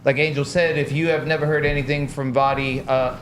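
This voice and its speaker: A man's voice: a little high, little pitch movement, brisk, slight background noise. A man on a casual podcast panel, making dry asides and reading out comments.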